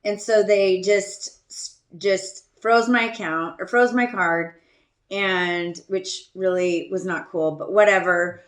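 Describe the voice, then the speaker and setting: A woman's voice: medium pitch, steady tone, slow pace, reverberant. A woman hosting a podcast, telling a casual story in a chatty, self-deprecating way, laughing often and trailing off with ums. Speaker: podcast host.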